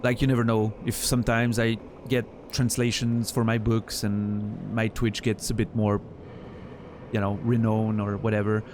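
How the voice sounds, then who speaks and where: A man's voice: fairly low pitch, flat delivery, moderate pace, a little mellow, a little hiss or hum. A man streaming a game, chatting casually in a rambling way with many restarts while he plays. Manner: rambling, chatty storyteller with frequent laughs and restarts.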